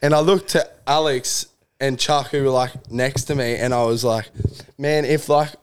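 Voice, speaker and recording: A man's voice: medium pitch, fairly even intonation, moderate pace, clear, resonant tone. A young Australian man co-hosting a podcast, telling a rowdy story in casual chat with laughs and swearing. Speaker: podcast co-host.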